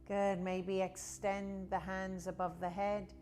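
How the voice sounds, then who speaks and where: A woman teaching a guided yoga class, talking in a slow, soothing, drawn-out way. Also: medium pitch, level tone, darkish tone. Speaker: yoga instructor.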